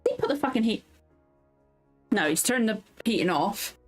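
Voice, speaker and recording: A woman's voice: a little high, lively intonation, moderate pace, faint music behind. A woman streaming a game, chatting casually and swearing freely over headphones. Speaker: gameplay streamer. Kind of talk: casual let's-play commentary. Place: warm room at home. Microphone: headphones and headset mic.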